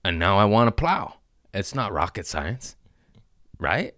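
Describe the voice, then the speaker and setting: Low voiced guy in his 30s rambling on his podcast, all over the place, dry close mic. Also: very animated, measured pace, sharp tone, no echo. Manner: jumps between topics, acts out voices. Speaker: podcast host, comedian. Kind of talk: casual rambling chat.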